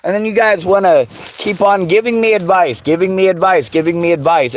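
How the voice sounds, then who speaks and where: A high-voiced man vents to his viewers in a furious, accusing rant. He swears nearly every sentence and often rises to shouting. A faint hiss of noise sits under his voice. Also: brisk, hardly any pauses. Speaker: vlogger. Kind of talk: angry personal rant to camera.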